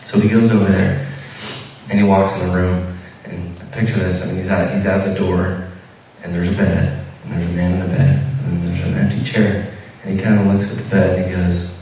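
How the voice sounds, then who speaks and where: A man's voice: low-pitched, level tone, fairly quick, mellow, slight background noise. A man giving an informal sermon, telling a story casually with many fillers and restarts. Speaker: preacher. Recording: echoey room heard from a distance.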